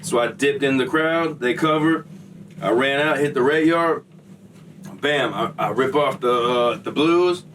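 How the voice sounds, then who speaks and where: A man's voice: medium pitch, unhurried, fairly bright tone, distant mic, a little hiss or hum. A man telling a story in a casual, slangy, streetwise way. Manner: slangy, streetwise, acts out quoted voices.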